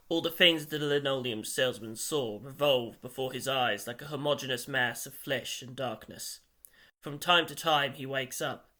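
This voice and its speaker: Guy reading an audiobook, bright voice, even pace. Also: medium pitch. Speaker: audiobook narrator. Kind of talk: scripted narration.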